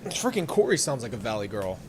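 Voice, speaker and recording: A man's voice: medium pitch, big pitch swings, fast. Blunt male commentator, casual interjections, noisy background. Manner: blunt, swearing, brief interjections. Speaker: reaction commentator.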